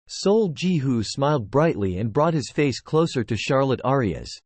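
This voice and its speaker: A man's voice: mid-range voice, sing-song, moderate pace, few pauses, darkish tone, dry recording. A computer-generated man's voice narrating a fantasy novel, reading punctuation marks aloud. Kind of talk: text-to-speech novel narration.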